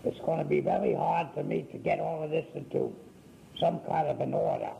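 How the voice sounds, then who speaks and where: A man's voice: a little high, wildly swooping pitch, gravelly, warm tone, slight background noise, rough recording. An older man telling his life story in a folksy, rambling way, acting out what people said. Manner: folksy, unhurried, acts out quoted speech.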